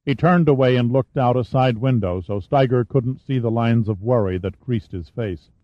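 A man narrates a thriller in a steady, measured storytelling voice. The recording is dry and close, with a slightly dull, muffled top end. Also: dry recording. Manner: even storytelling, shifts pitch for dialogue. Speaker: audiobook narrator. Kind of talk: scripted narration with character voices.

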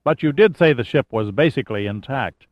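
A man reading as an enthusiastic male archaeologist around forty, with a quick, blurting manner, in a dry, slightly muffled audiobook recording. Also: medium pitch, expressive, no echo, lightly acted. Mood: curious.

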